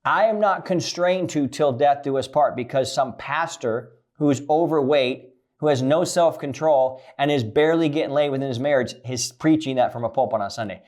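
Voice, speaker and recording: A man giving a blunt, profane coaching monologue about relationships, swinging from loud emphasis to low, quiet lines. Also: moderate pace, hardly any pauses.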